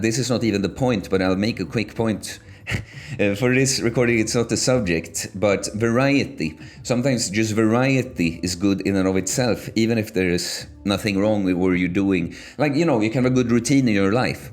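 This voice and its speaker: A man hosting his own channel, talking alone in a room in a relaxed, rambling way that wanders off on side points. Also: lowish voice, moderate pace. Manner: relaxed rambling, self-correcting. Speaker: channel host. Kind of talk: casual solo talk.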